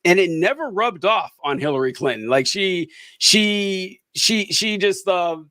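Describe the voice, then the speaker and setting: A man's voice: sits high, animated, a little slow, sharp tone, dry recording. A man co-hosting a podcast, talking politics casually, rambling with fillers and sarcastic asides. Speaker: podcast co-host.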